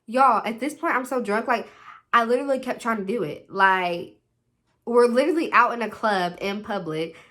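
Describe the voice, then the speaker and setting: Bright, animated young woman vlogger. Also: on the high side, moderate pace. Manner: animated, dramatic retelling with put-on quoted voices; repeats "literally" and "like" constantly. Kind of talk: storytime vlog.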